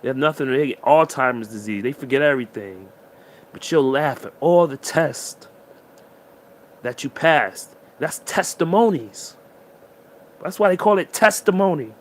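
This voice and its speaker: Emotional man preaching encouragement, fairly high voice. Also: lively intonation, a little slow. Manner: emotional and preachy, addresses the listener directly. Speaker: motivational speaker. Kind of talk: motivational monologue.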